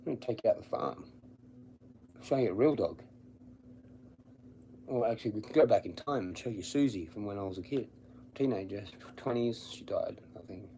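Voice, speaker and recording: An Australian man rambles on a camera-off livestream in a blunt, profanity-heavy way, laughing at his own stories. His voice sits low and dark. A faint hiss of noise runs under it. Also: animated, normal speed, pauses often. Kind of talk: casual rambling livestream chat. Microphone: streaming from home with the camera off.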